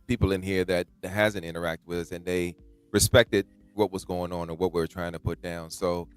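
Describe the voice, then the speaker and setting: A man co-hosting a casual collector podcast, speaking earnestly in halting phrases with many restarts. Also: low voice, level tone, clear, resonant tone, soft background music. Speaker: podcast co-host. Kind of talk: casual chat.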